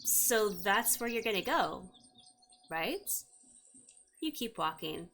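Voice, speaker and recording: A woman's voice: medium pitch, sing-song, slow, vocal fry, background noise. A woman narrating a tabletop game as game master, with wry asides to the players.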